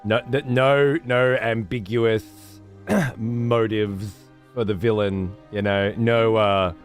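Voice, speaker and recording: Low-voiced man swearing through a rambling chat. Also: fairly even intonation, takes it slowly, soft background music. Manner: rambling, heavily profane. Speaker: streamer. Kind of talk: casual chat while gaming.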